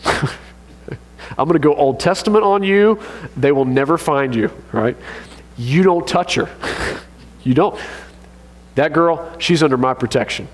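Preacher doing a blunt, menacing old landowner, higher voice, long church hall reverb. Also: male voice, animated, takes it slowly, pauses often. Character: protective ancient landowner man, gruff and threatening.

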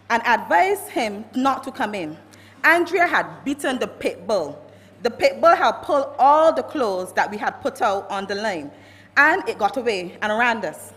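At a funeral service, a Barbadian woman from the family reads a eulogy from her notes, her fairly high voice carrying a long church reverb. She tells warm stories and quotes anecdotes.

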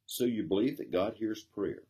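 A man's voice: lowish voice, moderate pace, dark tone, husky, pitched above the performer's own voice. A man voicing a tender, devout countess. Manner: tender, questioning.

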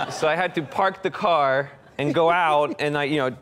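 A man's voice: a little high, smooth. A man from Sweden, an actor in a casual interview, who tells anecdotes and laughs often as he talks. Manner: laughs often while telling stories. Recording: loud background noise.

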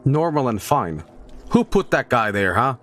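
A man's voice: very animated, measured pace, fairly bright tone. A young man streaming a horror game, joking, swearing and yelping in fright. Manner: jokey, swearing, sudden high yelps. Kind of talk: gaming stream commentary.

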